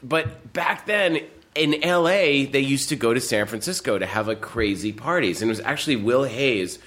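A man as a podcast guest, telling stories in a casual chat, animated and full of fillers and laughter. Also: mid-range voice, moderate pace.

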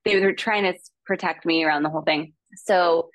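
A woman's voice: fairly even intonation, brisk, no echo. A woman guest on an interview show, telling a story casually with lots of fillers and laughter, and acting out the people she quotes. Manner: chatty, filler-heavy, laughs often, acts out quoted voices in a higher pitch. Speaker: guest actress.

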